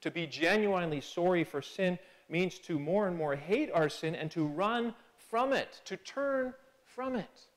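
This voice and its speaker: Casting: male pastor, fairly high voice, earnest sermon delivery with conversational asides. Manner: earnest, rises in pitch and loudness on key phrases; conversational asides and small restarts. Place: church sanctuary.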